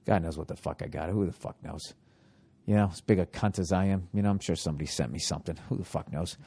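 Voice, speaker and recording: Male podcast host, solo comedic rant, heavy swearing, jumps from loud outbursts to muttered asides. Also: quick pace, creaky, husky. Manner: animated, profanity-laced ranting that swings between loud outbursts and low muttering; rhetorical questions to listeners.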